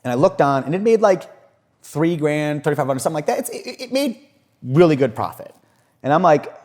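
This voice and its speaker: Young male interview guest, fairly high voice, animated swearing storyteller. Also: fairly quick. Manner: animated, profane, laughs often, acts out quotes. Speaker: podcast guest, entrepreneur.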